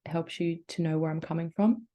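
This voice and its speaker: An Australian woman leading a breathing workshop as a yoga teacher, guiding gently and encouragingly in a casual, chatty way. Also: deep voice, steady tone, fairly quick. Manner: gentle, encouraging, casual filler-heavy guidance.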